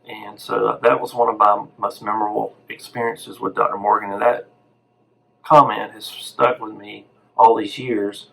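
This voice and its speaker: Guy in his 40s telling an old work story, easygoing, low gravelly voice. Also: little pitch movement, normal speed, pushed and bright, rough recording. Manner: easygoing storyteller, retelling an exchange. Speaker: radiology technologist. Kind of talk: personal anecdote.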